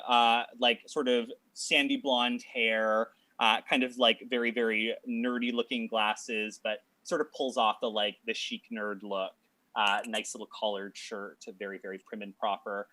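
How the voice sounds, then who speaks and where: Halting game master man, dry sound. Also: mid-range voice, fairly bright tone, dry recording. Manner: halting, many fillers and restarts. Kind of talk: narrating a tabletop game.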